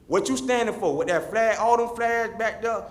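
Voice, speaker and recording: A man's voice: high-pitched, normal speed, slight background noise. A man giving a fervent, repetitive public comment that speaks straight to the officials. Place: city meeting chamber. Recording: roomy echoey chamber.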